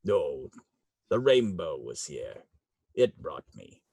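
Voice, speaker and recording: A man voicing a small, contemptuous male leprechaun guardian in a tabletop game, with a deep rumbling voice and curt, clipped replies. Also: sing-song, takes it slowly, vocal fry, darkish tone, slightly rough, heavily acted. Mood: gruff.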